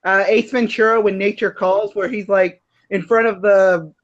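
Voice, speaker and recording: A man with a high voice chats casually and laughs easily. His audio comes through dull and lo-fi, like a remote call. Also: steady tone, normal speed. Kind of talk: casual chat.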